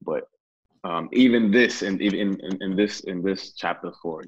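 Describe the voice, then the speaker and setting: Deep husky man leading a prayer. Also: normal speed, dry recording, highs cut off. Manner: earnest, praying with repeated phrases. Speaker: Bible study leader. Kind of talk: casual Bible study chat and closing prayer.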